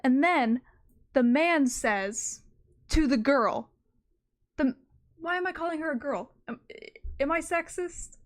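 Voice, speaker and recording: A young woman with a high, bright voice tells a story in a loose, rambling way. She mocks herself as she goes and swears freely. It sounds like a casual streamer chatting. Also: animated, slow pace, pauses often. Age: young adult.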